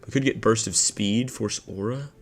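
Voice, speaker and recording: A man's voice: lowish voice, normal speed, soft background music. A young man giving casual, rambling let's-play commentary with slang and jokes. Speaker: gameplay commentator.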